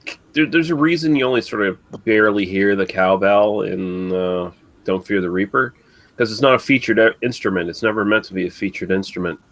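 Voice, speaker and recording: A man's voice: fairly low pitch, a little fast, a bit bright. A man co-hosting a podcast, chatting in a sarcastic, mocking way. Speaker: podcast co-host. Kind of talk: casual chat.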